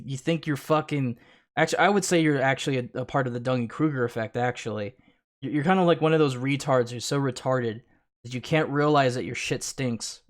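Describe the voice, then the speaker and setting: A man streaming casual reaction commentary, sarcastic, often laughing and stammering on repeated words. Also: medium pitch.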